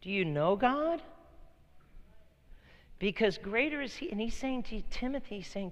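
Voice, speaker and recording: A man pastor delivering a sermon, moving between loud emphatic bursts and quiet, intimate storytelling. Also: sits high, lively intonation, a little slow, pauses often. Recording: long hall reverb.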